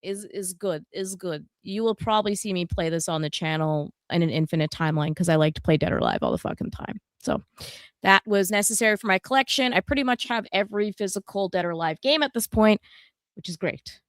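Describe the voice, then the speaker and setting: A woman's voice: mid-range voice, sing-song, quick pace, no echo, studio quality. Blunt, foul-mouthed woman podcast co-host. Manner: blunt, chatty, swears freely. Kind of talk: casual chat.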